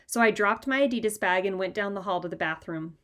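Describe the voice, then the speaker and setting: A woman reading a children's chapter book aloud in a lively, expressive way. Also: mid-range voice, fairly quick. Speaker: reader. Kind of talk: storybook read-aloud.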